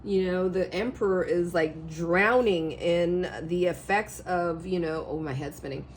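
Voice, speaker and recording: A woman reading tarot cards in a rambling, animated way, her voice a little hoarse, often checking in with the listener. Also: fairly low pitch, measured pace, slight background noise. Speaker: tarot reader. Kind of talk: casual spiritual reading to camera.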